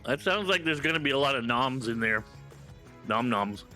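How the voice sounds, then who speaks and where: Lively, bright-voiced male streamer. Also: medium pitch, fast talker, faint music behind. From Canada. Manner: profane, animated storyteller. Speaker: game streamer. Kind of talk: casual live-stream chat.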